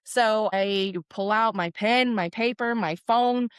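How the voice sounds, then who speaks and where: A woman co-hosting a podcast in casual chat, telling stories with lively acted-out quotes and casual swearing. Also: fairly high pitch, slow pace, clear, resonant tone, dry recording, studio quality. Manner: animated storyteller who acts out quoted voices. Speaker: podcast co-host.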